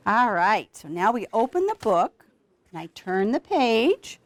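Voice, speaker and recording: A woman teaching a class of students how to read aloud to young children, with an animated, coaxing teacher's voice. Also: fairly high pitch, a little slow. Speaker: literacy program founder teaching students.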